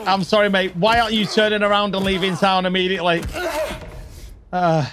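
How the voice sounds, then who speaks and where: A man with a high, steady voice livestreams a game, talking a little fast over loud background music. He chats with viewers, swearing and yelping whenever something jumps out at him.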